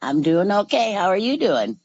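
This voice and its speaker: A woman co-hosting a live internet radio podcast, chatting casually in a slow, sing-song manner. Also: mid-range voice, big pitch swings, darkish tone, no echo, dull audio.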